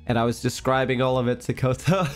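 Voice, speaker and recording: A young man chatting on his livestream with a stuffy, congested voice at a middle pitch. He rambles through his story with plenty of fillers and breaks into laughter often. Faint music plays softly behind him. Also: sing-song, moderate pace. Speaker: livestream host. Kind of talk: casual chat storytelling.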